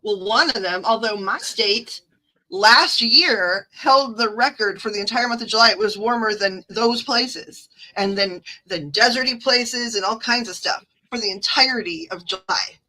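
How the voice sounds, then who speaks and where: A card reader with a Midwestern American accent hosts a livestream, her a little high, sharp-toned voice at normal speed. Recorded roughly on a phone, she's chatty and digressive as she reads the chat aloud.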